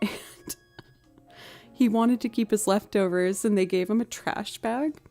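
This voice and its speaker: A woman musician chatting on her live stream at home, telling stories with frequent laughter and cooing softly to her pet. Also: mid-range voice, unhurried, faint music behind. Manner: animated, laughing often while telling stories; soft and cooing when talking to her pet. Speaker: musician livestreamer. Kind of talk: casual storytelling chat on a live stream.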